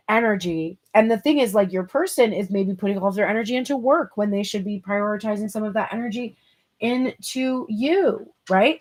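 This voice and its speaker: A woman reading tarot cards for her viewers in an easygoing, talk-as-you-think way. Her speech is full of fillers and restarts, and it breaks now and then into bright, emphatic bursts. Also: mid-range voice. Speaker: tarot reader.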